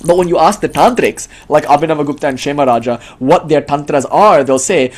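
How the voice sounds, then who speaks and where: A man giving a casual spoken lecture on a spiritual tradition, animated and chatty, with lots of fillers and free swearing. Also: fairly high pitch, brisk, hardly any pauses. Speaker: teacher of tantric tradition.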